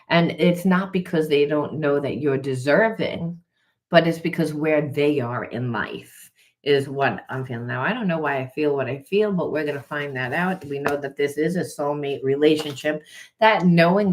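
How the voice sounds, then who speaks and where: A woman spiritual coach talking through a tarot reading in an earnest, conversational way, often repeating herself. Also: low-pitched. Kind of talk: casual tarot reading monologue.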